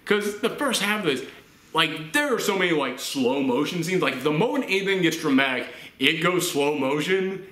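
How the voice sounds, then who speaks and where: A man's voice: fairly high pitch, expressive, normal speed, a bit bright. A man from the Southern United States giving a casual film review, chatty, with laughing asides and acted-out quotes. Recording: roomy echo.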